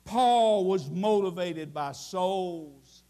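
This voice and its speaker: An older man preaching an impassioned sermon in a church, telling folksy stories and rising into shouts. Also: high voice, very slow. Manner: impassioned, climbing into shouting at the peaks; folksy storytelling with many restarts. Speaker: Baptist preacher.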